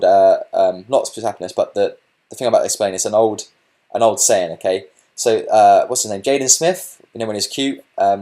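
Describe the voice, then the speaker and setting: A man giving a webinar sales pitch as a business coach, pushing viewers to take action and often saying "okay" and "look". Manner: pushy, repeats "okay" and "look".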